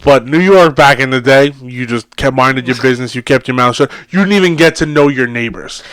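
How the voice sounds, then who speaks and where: A man's voice: medium pitch, a little fast, a bit bright, smooth, no room sound. A man co-hosting a casual movie podcast, chiming in with short, dry remarks. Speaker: podcast co-host. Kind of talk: casual movie review chat.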